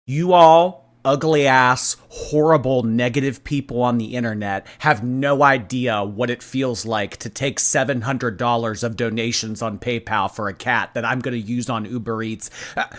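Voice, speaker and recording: A man doing a mocking impression of a whiny woman streamer, drawn-out and sarcastic. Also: medium pitch, a bit bright, lightly acted.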